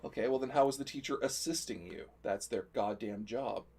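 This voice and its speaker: A man's voice: medium pitch, fairly quick, darkish tone, husky. A man chatting casually on a livestream, joking and acting out silly imagined conversations. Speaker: co-host.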